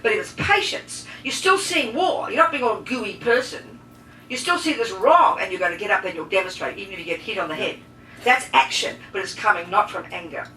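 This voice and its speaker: A woman teaching a talk to a group, lively and emphatic, asking and answering her listeners' questions. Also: medium pitch, brisk. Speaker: Buddhist teacher. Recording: echoey room, mic at a distance, faint noise.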